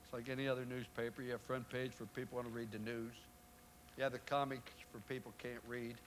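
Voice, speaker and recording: An older male coach delivering a motivational speech to a room full of listeners, in a voice of ordinary middle pitch. He tells his stories dramatically, acting out the quoted lines and swinging from loud outbursts down to near-hushed remarks, with a faint hiss under the recording. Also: level tone, fast. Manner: storytelling, acts out quoted exchanges with sudden loud rises and quiet drops. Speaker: football coach giving a keynote speech. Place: event room before a live audience.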